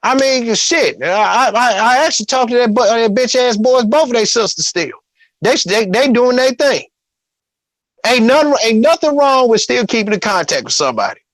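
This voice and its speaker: This man's voice is extremely high-pitched, animated, and a little bright, at normal speed with no echo. Telling a personal story casually, he wanders, starts over, repeats himself, and quotes other people.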